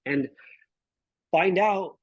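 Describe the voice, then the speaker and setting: Guest photographer in his thirties: husky, casual storyteller, lots of dude and bro. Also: sits high, extremely slow, no room sound, highs cut off. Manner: laid-back, swears, says dude and bro.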